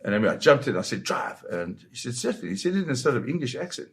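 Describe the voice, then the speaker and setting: An older man, a war photographer, recounting a dramatic story in an interview with vivid, halting restarts. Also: medium pitch, sing-song.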